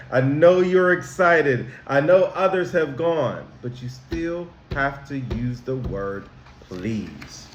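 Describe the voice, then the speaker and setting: A man, a school counselor, teaching children about manners in a slow, emphatic way, asking them questions directly. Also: a little high, echoey room, dull audio.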